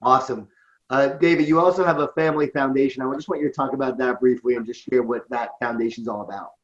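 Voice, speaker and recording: A man's voice: medium pitch, steady tone, quick pace, highs cut off. A man interviewing a guest, asking brief, encouraging questions.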